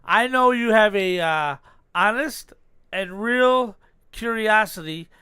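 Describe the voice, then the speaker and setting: A man's voice: high voice, slow, pushed and bright, smooth, dry recording, studio quality. A man co-hosting a casual podcast who reacts, laughs and mock-scolds his partner. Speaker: podcast co-host.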